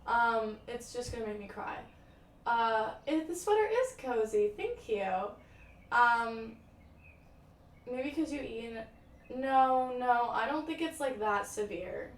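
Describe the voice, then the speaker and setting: A woman's voice: a little high, lively intonation, slow pace. A young woman livestreaming and answering viewer comments in casual chat. She talks dramatically, swears freely and fills her speech with "like" and "um.". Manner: chatty, dramatic, swears freely, many "like" and "um" fillers. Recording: roomy echo, distant from the mic, faint ambient noise.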